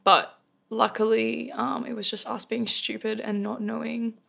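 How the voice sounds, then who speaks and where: A woman's voice: fairly high pitch, flat delivery, measured pace, creaky, fairly bright tone. A young woman hosting a casual rant podcast, rambling and self-deprecating on a close microphone. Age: young adult. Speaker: podcast host. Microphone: close podcast mic.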